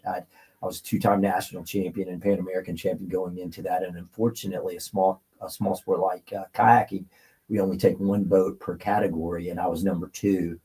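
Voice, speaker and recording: A man's voice: low voice, a little mellow, slightly rough, poor audio. A man in his forties, a podcast guest, telling a personal story in a rambling, emotional way with many fillers.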